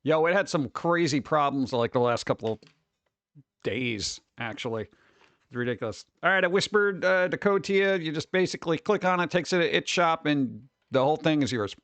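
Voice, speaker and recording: A man hosting a casual livestream in a jokey, excitable way, breaking into sudden exclamations as he chats with viewers. His voice sits fairly high, and the recording is dry and close. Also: moderate pace, dry recording. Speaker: livestream host.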